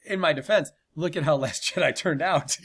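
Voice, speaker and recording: A man's voice: fairly high pitch, moderate pace, a bit bright, breathy edge. A man hosting a comedy podcast, telling a crude story with plenty of swearing and laughter.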